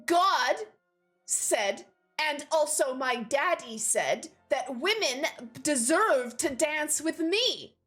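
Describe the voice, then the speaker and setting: Brief: a woman doing a pompous, self-satisfied duke for a tabletop game, high put-on voice. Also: animated, takes it slowly, a bit bright, faint music behind, full character voice. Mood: smug. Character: arrogant vain male duke, a nobleman.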